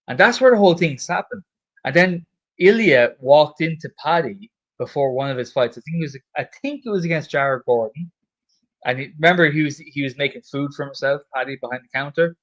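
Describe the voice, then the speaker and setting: A man's voice: a little high, fairly quick, lo-fi sound. A man hosting a stream and chatting casually about fight news, swearing freely and rambling through stories with fillers. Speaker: stream host.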